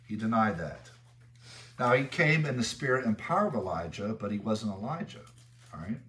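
A man preaching an expository sermon as pastor, emphatic, rising in pitch and volume when he reads scripture aloud. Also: sing-song, moderate pace, a bit bright, recorded from a distance. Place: church sanctuary.

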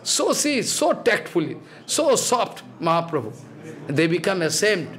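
A man's voice: high-pitched, sing-song, unhurried, fairly bright tone. A man giving a devotional sermon in broken English, quizzing and scolding his listeners. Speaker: spiritual teacher.

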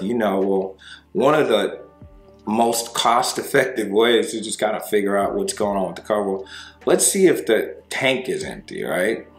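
Low-voiced male breakup coach talking casually. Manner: conversational, tags lines with "right?" and "you know", acts out little dialogues. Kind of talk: casual monologue to viewers. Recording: roomy sound with faint music.

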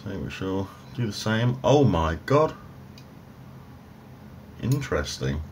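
Lowish male, deadpan self-mocking food vlogger, phone mic, faint room noise. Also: slow. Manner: dry, offhand, self-mocking. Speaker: food reviewer. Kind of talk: casual food review vlog. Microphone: overhead phone camera.

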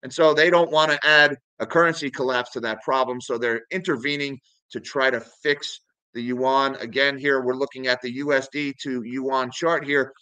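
Bright-voiced man giving market commentary. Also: medium pitch, fairly even intonation, normal speed, clean tone, no echo, poor audio. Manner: conversational, addresses viewers as guys, talks through charts and articles. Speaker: finance video host.

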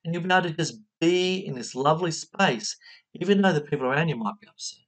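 Expressive spiritual teacher, lively pitch. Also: fast talker. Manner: expressive, asks the listener questions. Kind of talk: motivational talk.

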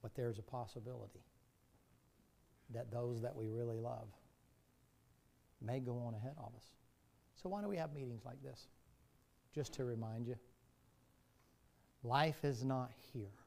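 A male pastor preaching a sermon and telling stories, his voice moving from loud passages to hushed ones. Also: mid-range voice, unhurried, gravelly, pauses often. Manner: storytelling, swings from loud to hushed.

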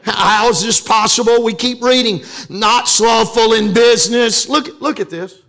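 A man's voice: extremely high pitch, fairly even intonation, moderate pace, vocal fry, a bit bright. A man from Louisiana preaching a sermon as pastor, joking and calling on the congregation to respond. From Louisiana, USA.

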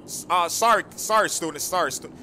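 A man playing a teacher in a game role-play, hesitant and full of pauses and restarts. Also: sits high, pushed and bright, a little hiss or hum.

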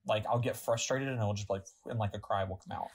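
Co-host, husky tone, reflective and advice-giving, loose and casual delivery. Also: medium pitch, steady tone, quick pace. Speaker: podcast co-host. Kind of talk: casual chat.

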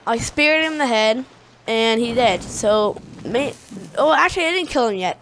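A woman giving casual, excitable gameplay commentary, retelling the action by quoting herself. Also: a little high, normal speed, a little hiss or hum. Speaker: gaming video creator. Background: music.

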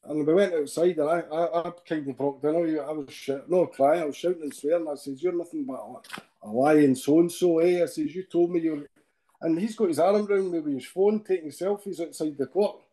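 Mellow-voiced Scottish man telling his story. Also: on the high side, steady tone. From Scotland. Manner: emotional storytelling, tags sentences with "eh?", halting restarts. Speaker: podcast guest. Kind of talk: personal account in a podcast interview.

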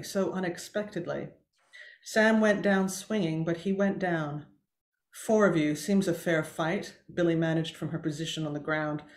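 Woman author reading her novel aloud in an echoey room. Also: low-pitched. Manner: measured, expressive reading with some slips.

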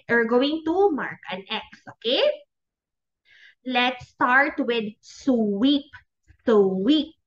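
A woman preschool teacher with a Filipino English accent, slowly sounding out letters and words in a phonics lesson for small children. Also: fairly high pitch, bright, forceful tone, lo-fi sound. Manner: sing-song, drawn-out, sounds out letters.

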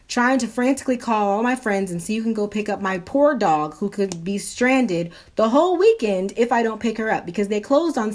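A young woman in her twenties tells a storytime as she does her makeup, talking in a loose, casual way. She gets animated and acts out the people she quotes. Her voice sits at a medium pitch. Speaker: beauty vlogger.

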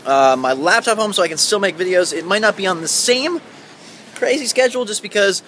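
A man's voice: high voice, animated, a little fast, pushed and bright, a little hiss or hum. A man in his twenties from Indiana chatting casually in a rambling, upbeat vlog, filmed outdoors at night with a handheld camera. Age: 20s. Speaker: vlogger.

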